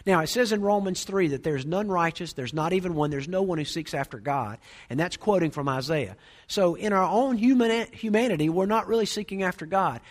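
Male pastor, middle-aged, fast and a bit high-voiced, chatty sermon storyteller. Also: expressive. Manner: conversational preaching with storytelling asides.

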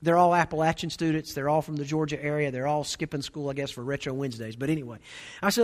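A man in his forties, a pastor preaching a sermon, telling a humorous story in an animated way. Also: on the high side, fast talker. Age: 40s.

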